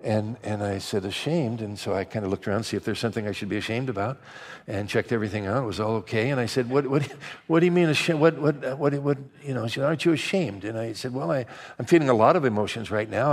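An older male pastor delivering a sermon like a conversation, full of anecdotes. He stumbles and restarts often, then breaks into lively asides. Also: fairly low pitch, gravelly. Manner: conversational storytelling, many restarts, animated asides.

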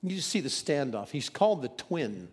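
A man preaching a sermon, moving between loud emphasis and hushed, dramatic quotes. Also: medium pitch, sing-song, normal speed, slightly rough, in a large hall.

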